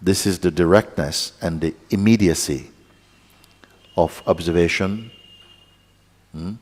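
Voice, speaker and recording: A man giving a calm, unhurried satsang teaching as a spiritual teacher, pausing often and speaking softly. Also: sits low. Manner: calm, unhurried, with pauses and soft asides. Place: large meeting hall. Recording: hall with long reverb.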